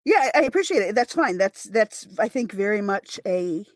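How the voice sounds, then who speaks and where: A woman podcast host talks in a loose, animated, self-deprecating way and laughs easily. Her voice sits at an ordinary middle pitch. She is recorded close and dry, with no room sound. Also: moderate pace, dry recording. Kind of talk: casual podcast chat.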